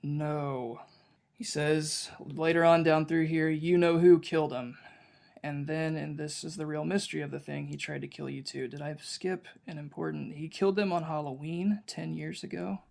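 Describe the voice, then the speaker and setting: A male podcast co-host chatting casually about a book, rambling along and stumbling into restarts as he reads passages aloud. His voice has a gravelly fry and sits a touch higher than most men's. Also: level tone, normal speed.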